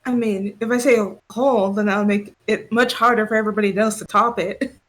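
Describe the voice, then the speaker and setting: A woman's voice: medium pitch, steady tone, a little fast. A woman playing in a tabletop role-playing game, chatting casually, laughing often and swearing freely. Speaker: player.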